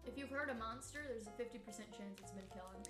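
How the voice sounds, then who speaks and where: A woman's voice: a little high, fast talker, music in the background. A woman who voices characters, joking as a guest on a live stream in giggly, playful casual chat. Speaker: voice actor guest. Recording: echoey room.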